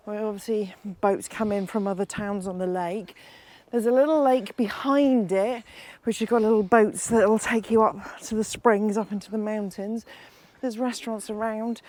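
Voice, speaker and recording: A woman's voice: fairly high pitch, a little mellow. A woman chatting as a travel vlogger outdoors, rambling and laughing easily, a bit out of breath. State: out of breath after a climb. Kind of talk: casual travel vlog chat. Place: outdoors at a lakeside monastery.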